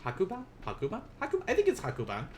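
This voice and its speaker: A young man runs a relaxed live-stream language lesson in a slightly high, very animated voice. He is playful and chatty, and he laughs at his own jokes. Faint keyboard typing can be heard behind him. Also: racing, a little hiss or hum. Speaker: Japanese teacher streaming a lesson.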